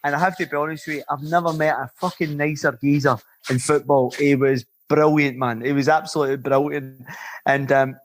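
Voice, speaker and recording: A Scottish man in his fifties spins rambling tales on a podcast and swears without pause. His voice sits a little high for a man. He restarts sentences and keeps the energy up. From Scotland. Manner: swears freely, lively rambling storyteller with restarts. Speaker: guest, former footballer. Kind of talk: casual anecdotal storytelling.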